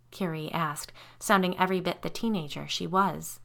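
Reading at normal speed with some vocal fry, a podcast host tells her story in the first person, her expressive voice falling quiet and low when things get tense.

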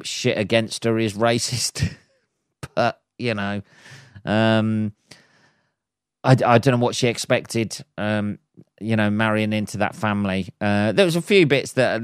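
A man's voice: on the low side, smooth, no echo, studio quality. Sweary man ranting on a podcast. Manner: sweary, mocking, chuckling, acts out quoted voices. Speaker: podcast host. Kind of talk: casual solo podcast rant.

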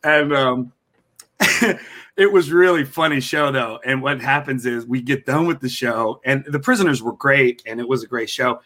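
A man's voice: medium pitch, normal speed. A man, a comedian guest, telling stories from his career with lots of laughing in a podcast interview. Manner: animated, laughing storyteller.

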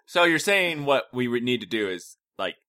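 A man's voice: medium pitch, big pitch swings, moderate pace, sharp tone. A man co-hosting a podcast in casual chat, tossing in dry, teasing quips. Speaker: podcast co-host.

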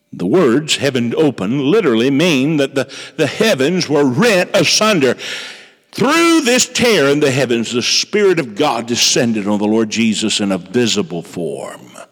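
A man preaching a sermon, telling a story with dramatic shifts in pitch and pace. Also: fairly bright tone, in a large hall.

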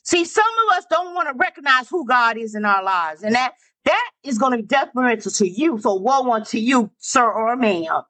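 A woman's voice: on the high side, lively intonation, moderate pace, bright, forceful tone, poor audio. A woman preaching a fervent sermon, repeating lines for emphasis and calling out to her listeners.

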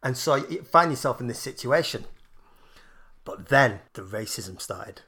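Telling a humorous story in relaxed podcast banter, this co-host talks at a slightly slow pace in a mid-range voice. He gets animated, curses, and keeps breaking into laughter at his own anecdote.

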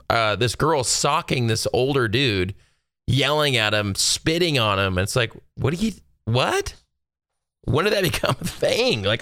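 A man's voice: mid-range voice, fairly bright tone, no echo, studio quality. A man in his thirties, from Texas, talking casually to viewers from home in a rambling, exasperated rant full of fillers. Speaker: solo video host.

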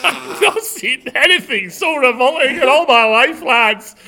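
A man improvising comedy in a put-on Yorkshire accent, excitable and silly. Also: very high-pitched, measured pace.

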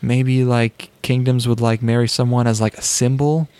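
A man co-hosting a podcast, chatting casually with dry, deadpan jokes. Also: medium pitch, normal speed, clean tone. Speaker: podcast co-host. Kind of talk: casual chat.

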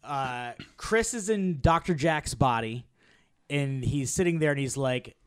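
A man co-hosting a podcast in casual chat, animated and quick to laugh, acting out movie lines. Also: mid-range voice, clean tone, dry recording, clean studio sound. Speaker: podcast co-host.

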